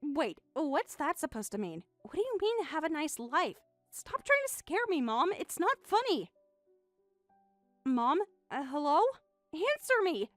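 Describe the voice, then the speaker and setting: A woman's voice: high voice, sing-song, measured pace, dry recording, faint music behind. A woman voicing a bratty, defensive teenage daughter in a dramatized text-story reading, with a snippy, whiny way of talking. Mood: frantic. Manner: snippy, whiny, swings to frantic.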